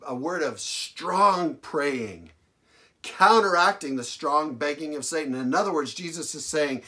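A male pastor delivering a sermon, repeating phrases for emphasis and swinging between loud declarations and hushed lines. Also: a little high, animated, measured pace. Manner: dramatic preaching, big swings from loud to hushed.

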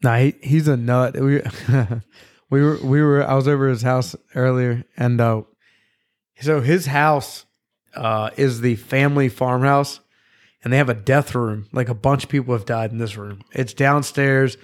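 A man's voice: mid-range voice, fairly even intonation, measured pace. Joking, foul-mouthed male podcast host. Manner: joking, swears freely. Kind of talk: casual chat.

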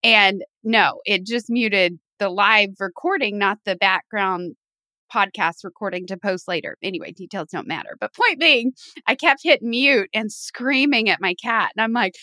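A woman's voice: medium pitch, normal speed, pushed and bright, no echo. A woman co-hosting a podcast in casual chat, telling stories and laughing often. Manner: chatty storyteller, laughs often. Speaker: podcast co-host.

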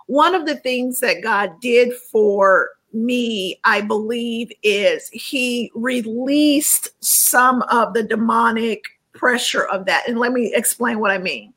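A woman sharing a personal faith testimony as an interview guest, earnest and measured, often repeating words as she searches for them. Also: fairly high pitch, fairly bright tone, poor audio.

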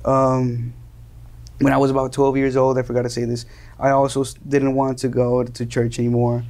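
A young man from Colombia speaks with a gravelly edge and a mellow, darker tone. He talks earnestly and often circles back over his words, restarting phrases while he finds what he wants to say. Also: mid-range voice, monotone, moderate pace. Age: young adult. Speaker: interview guest. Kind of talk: earnest conversational storytelling.

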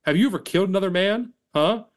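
A man's voice: a little high, expressive, moderate pace, lightly acted. A man reading as a growling, furious country singer. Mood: angry. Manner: growling, shouting. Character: angry older male country singer, confrontational.

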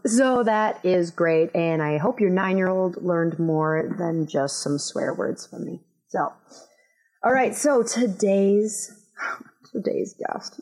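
A woman's voice: medium pitch, a little mellow, rough recording. A woman in her thirties hosting her podcast, chatting casually in rambling asides with self-mocking humor. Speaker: podcast host. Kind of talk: casual solo podcast chat.

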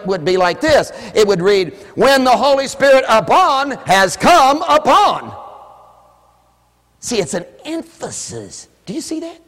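A male preacher giving an animated sermon in a church, shouting for emphasis and mimicking congregants. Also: high voice. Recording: echoey hall with long reverb.

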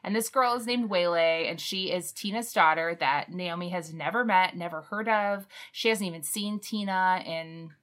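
Bright-voiced chatty woman co-host. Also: fairly low pitch, moderate pace, few pauses. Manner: rambling, self-correcting, chatty. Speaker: podcast co-host. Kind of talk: casual chat recapping a book.

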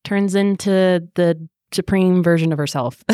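A woman's voice: on the low side, slow, a little mellow, no echo, clean studio sound. A woman co-hosting a book podcast, talking in a chatty, filler-heavy way as she retells scenes. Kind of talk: casual book club chat.

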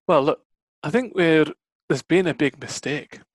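A game master putting on a gruff warden of a frozen mountain outpost, speaking in a broad, put-on Scottish accent. The talk is brusque and teasing in a tabletop game, with a middling pitch and a dry, close sound. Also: lively intonation, a little slow, no echo. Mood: blunt. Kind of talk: tabletop role-play narration.

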